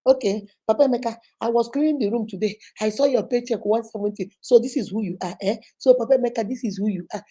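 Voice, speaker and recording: A woman's voice: a little high, fast, few pauses, dark tone, slightly rough. A Nigerian woman playing an angry, dramatic wife scolding her husband in a theatrical rant. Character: angry accusing wife, middle-aged, dramatic.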